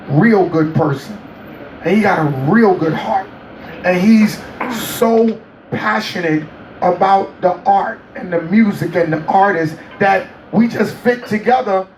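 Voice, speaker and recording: A man as an interview guest, telling a story in a casual, animated way, laughing and acting out quotes. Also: high voice. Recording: roomy, distant mic, faint noise.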